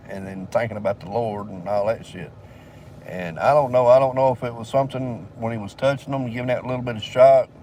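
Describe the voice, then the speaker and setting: A man's voice: mid-range voice, darkish tone, distant mic, slight background noise. An older man, telling a rambling, profane story in a casual drawl and laughing between lines. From southern United States.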